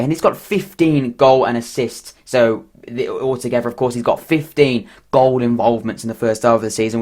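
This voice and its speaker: A young man hosting a solo football podcast, rambling through stats with chatty asides and frequent self-corrections. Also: mid-range voice.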